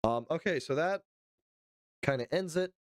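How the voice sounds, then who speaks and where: A man's voice: on the high side, lively intonation, moderate pace, no echo, studio quality. A young man from Arizona hosting a casual political livestream, chatting with viewers and reading articles aloud with loose, profane asides. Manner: loose, profane, chatty, answers chat by name.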